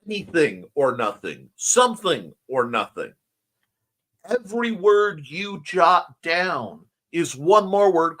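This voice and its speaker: A man with a slightly scratchy voice and a speech impediment, hosting a casual morning stream, chatting playfully and reading out viewer comments. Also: a little high. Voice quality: self-described speech impediment. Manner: rambling, playful, warm toward viewers. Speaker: host.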